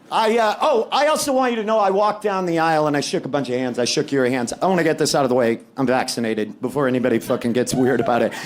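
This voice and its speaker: A man from Maine doing a brash, profane, self-mocking stand-up set on a club stage. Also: a little high. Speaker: stand-up comedian. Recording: live club mic with crowd and noise. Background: audience laughing.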